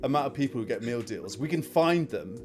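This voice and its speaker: Chatty posh-accented English host. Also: male voice, mid-range voice, animated, brisk, soft background music. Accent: posh southern English. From Scunthorpe, northern England. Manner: chatty, upbeat, mate-heavy banter. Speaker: host of a fantasy football livestream. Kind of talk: casual live-stream chat.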